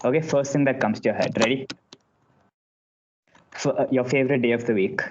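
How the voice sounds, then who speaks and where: Man, podcast host, relaxed, laughs often, muffled sound, faint hiss. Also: medium pitch. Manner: relaxed, laughs often, asks quick questions. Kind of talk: casual podcast chat.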